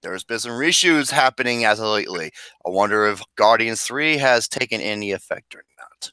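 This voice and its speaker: A man hosting a movie podcast in loud, excitable, teasing banter. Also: lowish voice, moderate pace, clean tone, no room sound. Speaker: podcast host.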